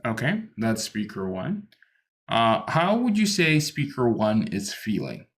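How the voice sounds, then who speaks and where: A man tutoring English over a video call, patient and a little halting as he explains. His voice sits fairly low and has a gravelly edge. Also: huge pitch swings. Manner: patient, explains with many ums and restarts. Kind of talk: online one-to-one English lesson.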